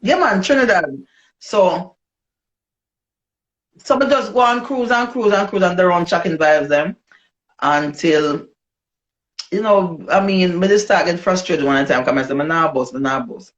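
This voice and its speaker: A woman with a Jamaican accent, a dancehall artist telling her story in a casual interview, animated and slipping into patois. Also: on the low side, unhurried, pauses often. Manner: animated, switches into patois, acts out quoted voices. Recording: dull lo-fi recording.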